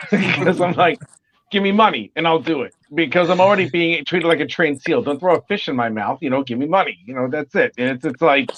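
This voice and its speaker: A man from Brooklyn with a Brooklyn accent, joking and animated as a talk show guest. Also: a little high, fast talker, hardly any pauses. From Brooklyn, USA. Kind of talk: casual chat. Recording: lo-fi call audio with faint noise.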